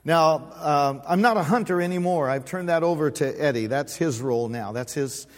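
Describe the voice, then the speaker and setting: A man's voice: a little high, moderate pace, big-room sound. A man in his sixties preaching a sermon, folksy and humorous, with call-and-response. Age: 60s. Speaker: pastor. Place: church sanctuary.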